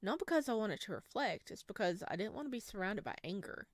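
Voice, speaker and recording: A woman's voice: medium pitch, big pitch swings, fast, no room sound, clean studio sound. Woman reading a visual novel aloud. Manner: reacts aloud between lines.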